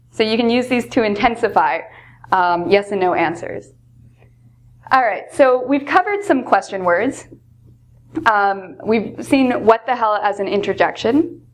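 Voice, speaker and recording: A woman teaching English, explaining expressions patiently and acting out example lines with lively emphasis. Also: medium pitch, unhurried. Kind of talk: explaining English phrases in a lesson.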